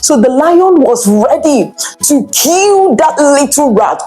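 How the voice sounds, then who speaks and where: A woman's voice: high voice, big pitch swings, unhurried, dark tone, faint music behind. A woman teaching children, telling a bilingual story with chatty, encouraging asides.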